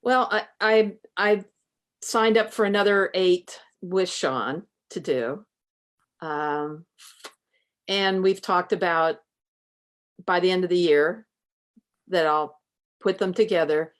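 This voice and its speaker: A woman's voice: fairly low pitch, slow pace, long pauses. A middle-aged woman, a veterinarian, answering interview questions in a hesitant way and thinking aloud with fillers.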